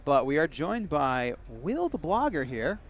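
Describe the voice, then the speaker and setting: A man commentating a live poker stream, relaxed and bantering, often restarting his sentences. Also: on the high side, a little slow.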